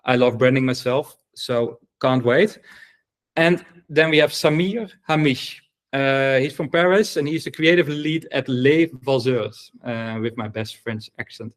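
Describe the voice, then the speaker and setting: A man's voice: fairly high pitch, expressive, a little slow. A man hosting an online event, introducing speakers enthusiastically with many fillers. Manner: enthusiastic, filler-heavy, stumbles over names. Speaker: event host.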